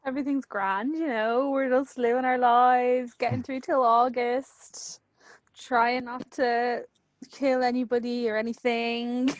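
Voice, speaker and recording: Laughing Irish woman, bright high voice. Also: level tone, a little slow, no echo. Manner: chatty, laughs often, wry. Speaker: podcast co-host. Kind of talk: casual chat.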